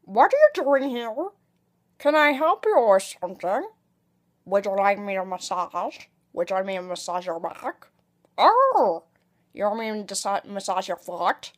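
A woman voicing an odd, pushy man who keeps offering massages in drawn-out, fussy questions. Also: medium pitch, sing-song. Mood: eager, fussy.

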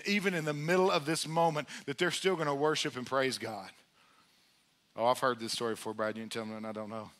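A man preaching a sermon in church, conversational and energetic, calling out to the congregation. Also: fairly high pitch. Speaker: pastor. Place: church sanctuary.

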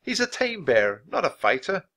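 A man voicing a brave, eager young girl who talks quickly. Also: sits high, huge pitch swings, bright, forceful tone, voice pushed up, full character voice.

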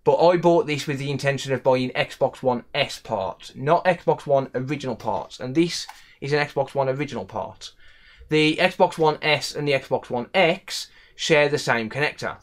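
A young man with a West Midlands English accent, an electronics repair technician ranting in a casual vlog, annoyed and repeating himself. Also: medium pitch. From England.

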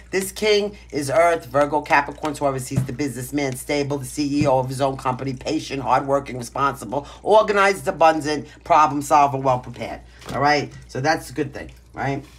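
Her voice sits low, and there's a little hiss or hum on the recording. She's from Brooklyn, New York, speaks with a Brooklyn accent, and gives a casual tarot reading at home, pets nearby, in a blunt, brash and emphatic way.

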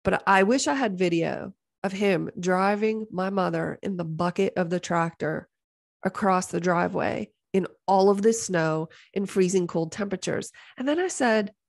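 A middle-aged woman hosting a podcast, telling a story in a casual, animated way, exasperated and joking, often slipping into the voices of others. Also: fairly low pitch, moderate pace, creaky. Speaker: podcast host.

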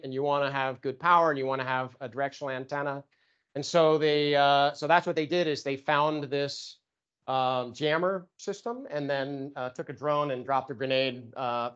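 A man's voice: medium pitch, fairly bright tone, clear, resonant tone, lo-fi sound. A man giving an informal lecture on electronic warfare, talking casually with many fillers and restarts. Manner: casual, filler-heavy, self-correcting. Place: lecture room.

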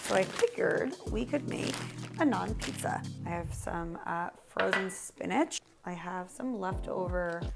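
Woman vlogger, casual and chatty, gravelly voice, background music. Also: on the low side, expressive, a little slow. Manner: chatty, lots of "like" fillers. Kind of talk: casual cooking vlog.

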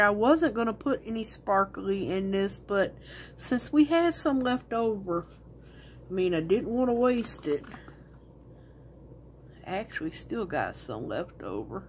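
A woman's voice: medium pitch, slight background noise. A woman talking casually to her viewers while she makes resin crafts, thinking aloud and rambling as she works.

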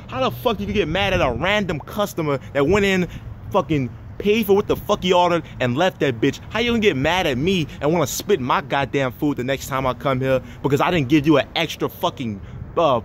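Angry guy ranting and cussing nonstop, kinda high voice, little bit of car noise behind. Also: fairly bright tone. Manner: heated, swearing constantly, repeating himself. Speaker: vlogger. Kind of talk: profane angry rant.

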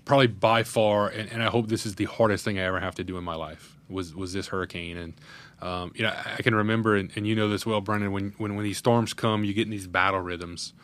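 A man's voice: lowish voice, fairly even intonation, quick pace, a bit bright. A man, a parish president telling a candid, earnest story in an interview. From Louisiana, USA. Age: 30s. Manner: earnest, candid, recounting a crisis in detail. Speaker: parish president, podcast guest.

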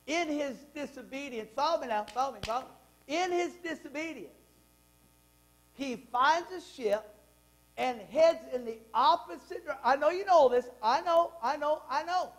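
The audio is poor as a pastor, his male voice pitched unusually high, preaches in a church sanctuary at a measured pace. He speaks with emphasis, reads passages of scripture aloud and throws questions out to the congregation.

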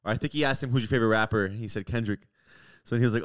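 A young man co-hosting a podcast who chats in an excitable way. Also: fairly low pitch, rapid-fire, smooth, no echo, studio quality. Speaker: podcast co-host. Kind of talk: casual chat.

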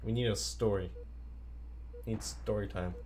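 A man's voice: fairly low pitch, steady tone, normal speed, a little mellow, a little hiss or hum. A man streaming a video game, chatting playfully and answering his viewers' chat as he plays. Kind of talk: casual live-stream chat.

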